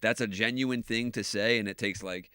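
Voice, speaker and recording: A male podcast host with a bright, forward tone and a slightly low voice. He talks loosely and profanely, then slips into sincere, thoughtful stretches. The sound is close and dry. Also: fairly even intonation, normal speed, clear, resonant tone, no room sound. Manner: laid-back, profane, drifts into earnest reflection. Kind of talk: casual podcast chat.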